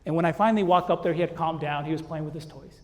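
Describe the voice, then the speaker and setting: Animated male keynote storyteller. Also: on the high side, fast. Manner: animated, acts out voices. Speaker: keynote speaker. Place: conference hall stage. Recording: long hall reverb.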